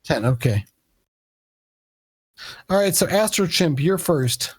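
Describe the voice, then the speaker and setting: A man's voice: a little high, animated, takes it slowly, husky, no echo. Hesitant man running a tabletop game. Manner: hesitant, many fillers. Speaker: game master.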